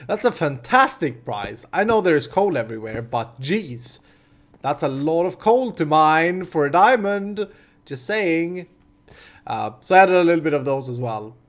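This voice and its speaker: A man's voice: a little high, big pitch swings, a little slow. A man in his thirties with a Swedish accent, hosting a casual gameplay commentary and chatting in a rambling way with many restarts. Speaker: host.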